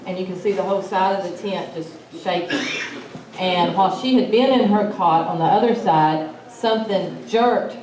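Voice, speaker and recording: A woman's voice: on the low side, normal speed, a little hiss or hum. Woman telling a campfire story. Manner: animated storyteller, acts out quoted lines. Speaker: symposium speaker. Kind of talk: telling a personal encounter story. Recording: echoey hall, mic far off.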